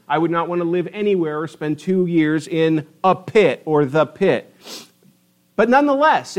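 A middle-aged man preaching a sermon in a church, telling stories and stretching out words for emphasis. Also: high voice. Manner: storytelling, emphatic drawn-out stresses. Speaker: pastor. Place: church sanctuary.

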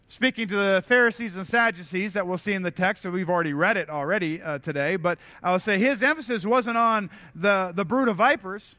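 A man's voice: high voice, fairly quick, hardly any pauses, pushed and bright. A man preaching a sermon to a church congregation, earnest and conversational, often restarting his phrases. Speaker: pastor. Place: church sanctuary.

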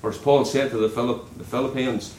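A man's voice: fairly even intonation, fairly quick, a little hiss or hum. Earnest preacher man in an echoey hall. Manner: earnest, drops low and soft on key words. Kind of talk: sermon.

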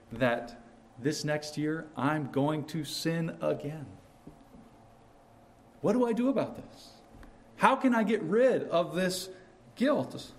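A man preaching a sermon in a slow, earnest way, rising sharply on his questions. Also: medium pitch, slight background noise.

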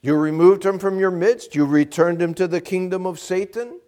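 A man's voice: high voice, normal speed, mellow. A man preaching a sermon as pastor, earnest and emphatic, asking the congregation direct questions.

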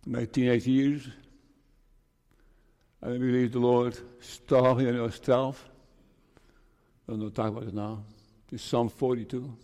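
A man's voice: mid-range voice, a little slow, long pauses, darkish tone. A man, preaching a farewell sermon as a pastor, earnest and repeating phrases for emphasis. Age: 60s. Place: church sanctuary. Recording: long church reverb.

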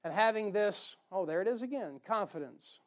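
A man delivers a sermon. He talks in a folksy, joking way and often rises into loud, fired-up bursts of preaching. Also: sits high, expressive, normal speed.

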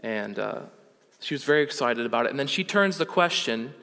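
A man's voice: mid-range voice, expressive, a little fast, vocal fry, sharp tone. A man pastor preaching a sermon in a church, earnest, building to rising rhetorical questions. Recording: long hall reverb.

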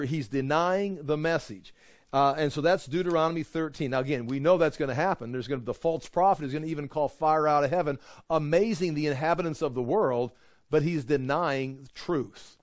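A man with a fairly high voice teaches scripture verse by verse, animated and conversational. He acts out quoted voices and fires off rhetorical questions. The sound is dry and close, with no room echo. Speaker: Bible teacher.

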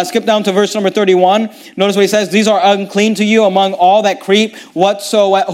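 A man preaching a Bible lesson, reading verses aloud and explaining them, often stumbling and restarting. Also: high-pitched. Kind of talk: bible teaching sermon.

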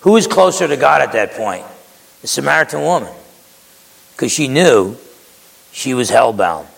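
A man's voice: medium pitch, very animated, moderate pace, creaky, fairly bright tone, big-room sound, poor audio. A man preaching a sermon in a conversational way, acting out quotes and often restarting his words.

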